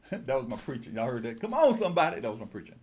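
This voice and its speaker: A man preaching a sermon, addressing the congregation directly and repeating his phrases. He swings between low murmurs and loud exclamations. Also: sing-song, fast talker, slight background noise.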